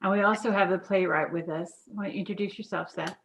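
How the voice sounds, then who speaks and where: A woman's voice: mid-range voice, steady tone, quick pace, poor audio. A woman introducing the cast as director of a video-call play reading, friendly and organized.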